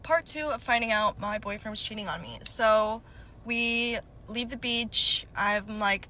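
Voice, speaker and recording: Bright-voiced young woman telling a story. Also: fairly high pitch, measured pace, slight background noise, rough recording. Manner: animated, acts out both sides of quarrels. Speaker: storyteller in a played video. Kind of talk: story-time monologue.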